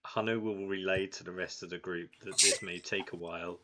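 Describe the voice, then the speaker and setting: A man playing a tabletop game in an amused, unhurried, dry way. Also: low voice, fairly even intonation, bright, forceful tone, slight background noise. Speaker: player. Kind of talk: casual tabletop play.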